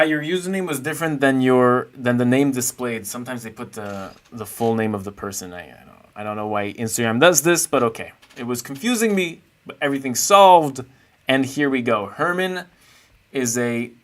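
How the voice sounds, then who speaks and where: A man's voice: medium pitch, moderate pace. A man streaming live, chatting casually and playfully with his viewers while he rates chess games. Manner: chatty, playful, thinks aloud while searching.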